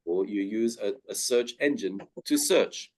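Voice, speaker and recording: A man presenting an online pronunciation lesson, stretching out each example word with care. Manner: drawn-out example words with lively pitch. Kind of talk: slow, careful pronunciation lesson.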